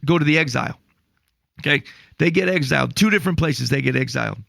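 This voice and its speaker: Gravelly man, animated exasperated storyteller. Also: a little high, quick pace, no room sound. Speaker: podcast co-host. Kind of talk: casual faith podcast discussion.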